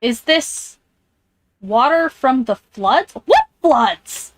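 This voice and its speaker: A woman's voice: high-pitched, lively intonation, drawn-out words, a little hiss or hum. A woman streamer playing a game, reading its text aloud and reacting with jumpy, scared comments. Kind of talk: live-streamed game playthrough. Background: headphones on, alone in a room.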